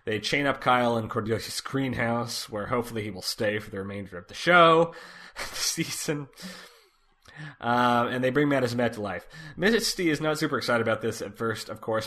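A man co-hosting a casual podcast, recapping a TV episode in a relaxed way, with lots of fillers. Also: medium pitch. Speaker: podcast co-host.

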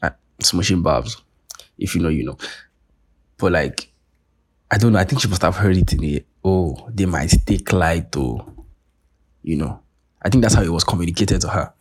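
A man's voice: low voice, a little fast, long pauses, breathy edge. A young Nigerian man with a Nigerian accent, hosting a podcast in a profane, sarcastic casual rant. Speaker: podcast host. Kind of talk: casual monologue.

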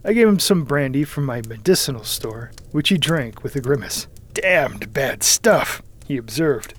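A man reading a first-person story aloud in a measured, dramatic manner, sometimes sinking to a hushed whisper. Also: mid-range voice, animated. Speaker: audiobook narrator. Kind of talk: scripted first-person narration.

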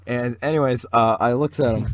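A man's voice: medium pitch, no echo. Rambling teenage boy telling a story. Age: teens. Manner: rambling storyteller, heavy on fillers and restarts. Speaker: podcast co-host. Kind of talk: casual chat.

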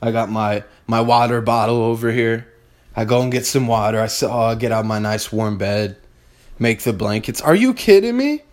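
A man's voice: fairly low pitch, little pitch movement, moderate pace. Blunt, profane young man ranting. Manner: blunt, profane and fired-up, addressing listeners directly. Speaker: podcast host. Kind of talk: motivational monologue.

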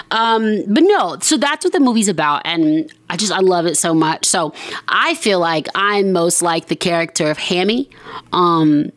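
A woman's voice: mid-range voice, big pitch swings, moderate pace, dry recording. A woman hosting a podcast in casual chat, rambling and poking fun at herself with lots of fillers. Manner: rambling and self-mocking, many fillers. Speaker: podcast host.

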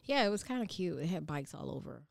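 A woman's voice: low voice, very animated, quick pace, gravelly, dry recording, clean studio sound. A woman from Savannah, Georgia, chatting casually and teasingly, with many fillers. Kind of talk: casual chat.

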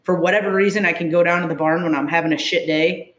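A woman's voice: lowish voice, steady tone, fast, fairly bright tone. A woman first responder telling her story in an interview, blunt and emotional, with plenty of swearing. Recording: echoey room.

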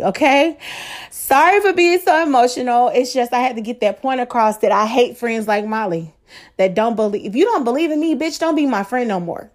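Solo podcast host, woman, slightly high pitch; emphatic pep-talk delivery, cusses freely, keeps checking in with listeners. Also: fairly quick. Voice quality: slangy, rhetorical questions to listeners. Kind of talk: casual solo podcast monologue.

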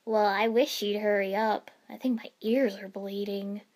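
A woman's voice: medium pitch, fairly even intonation, measured pace, a little mellow, lightly acted. A woman reading the lines of a blunt young male ninja, dry and grumbling.

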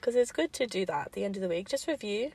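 A woman's voice: medium pitch, lively intonation, quick pace, a little mellow, breathy edge, no room sound. A young woman talks casually as a podcast co-host, swearing lightly and laughing often. Her mid-range voice moves around animatedly. She is still getting over a lingering illness and is recording in a car. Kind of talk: casual chat.

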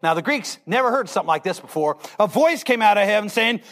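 A man's voice: high-pitched, animated, fast, hardly any pauses, fairly bright tone. A middle-aged male pastor telling a Bible story in a sermon, acting out the characters' lines with animation.

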